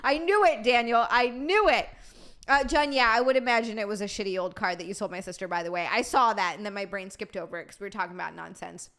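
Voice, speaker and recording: A woman's voice: mid-range voice, quick pace, a bit bright. A woman streamer chatting casually with her live chat, bubbly and rambling, reading messages aloud.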